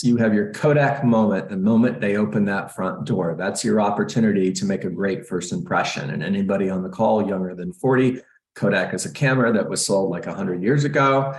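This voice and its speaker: Lower-voiced middle-aged male coach, upbeat and joking, recorded in a roomy space. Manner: energetic, joking, acts out scripts. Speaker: real estate coach. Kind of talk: live training session, coaching agents.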